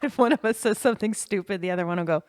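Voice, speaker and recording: A woman co-hosting a podcast, laid back and low-key in casual chat with a friend. Her voice sits close and dry on the mic, with no room sound around it. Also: very fast, no echo. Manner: relaxed, low-key, short agreeing replies. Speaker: podcast co-host.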